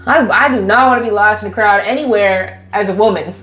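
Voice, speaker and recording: A woman's voice: medium pitch, a little fast, fairly bright tone. A young woman from Washington state, a streamer chatting casually and reading viewer messages aloud while getting ready at home. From Washington state, USA. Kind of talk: casual live-stream chat.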